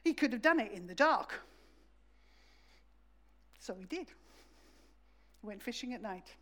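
Animated woman preaching a sermon. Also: a little high, measured pace, a little hiss or hum. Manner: lively storytelling, acting out voices. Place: church.

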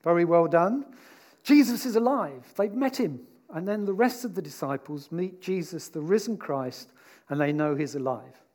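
A man's voice: sits high, moderate pace. A man preaching a sermon in a conversational way, acting out the disciples' words as he tells the story. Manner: conversational and animated, voicing the disciples.

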